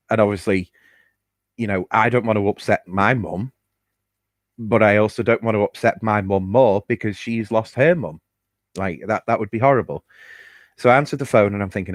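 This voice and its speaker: Man, lowish voice, dry close mic, casual podcast storyteller with fillers and swearing. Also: moderate pace, dry recording. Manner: chatty and candid, with fillers and swearing. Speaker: podcast host.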